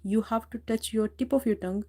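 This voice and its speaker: Warm patient woman teaching recitation. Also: fairly high pitch. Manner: patient, explanatory, slow drawn-out recitation of each word. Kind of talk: live tajweed lesson, recitation with explanation.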